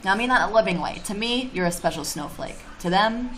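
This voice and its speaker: A woman's voice: mid-range voice, animated, quick pace, a bit bright. A woman livestreaming casual chat, reading viewer comments and ranting bluntly with plenty of swearing. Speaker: YouTuber streaming live.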